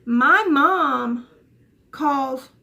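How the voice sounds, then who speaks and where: A woman's voice: sits high, extremely slow, gravelly, pushed and bright. A woman, telling a personal story to camera in a rambling, chatty way full of restarts and asides. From Southern United States. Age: 20s. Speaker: vlogger.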